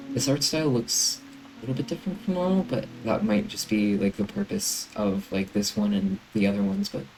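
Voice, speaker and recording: A man's voice: lowish voice, vocal fry, low-quality recording. A man streaming a game, chatting casually and enthusiastically with lots of fillers.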